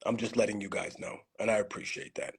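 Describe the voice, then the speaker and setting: Husky man talking loosely over a phone. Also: fairly low pitch, level tone, fast. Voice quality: slurred at times from a bad connection. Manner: loose, profane storytelling. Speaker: livestream host. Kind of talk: casual livestream talk. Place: home studio.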